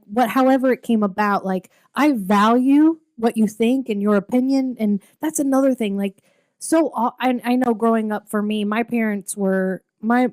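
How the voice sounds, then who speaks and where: A woman around forty, chatting candidly on a podcast about raising kids. She rambles a bit, restarting sentences and leaning on fillers, in an average-pitched voice with a dry, close sound. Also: darkish tone, no echo. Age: 40s. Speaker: podcast co-host. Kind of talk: casual chat.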